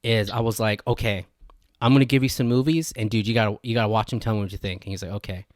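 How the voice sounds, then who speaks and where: A man co-hosting a casual podcast, excitable, saying "dude" constantly and acting out quotes from friends. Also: lowish voice, fast, dry recording, studio quality. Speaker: podcast co-host. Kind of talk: casual chat.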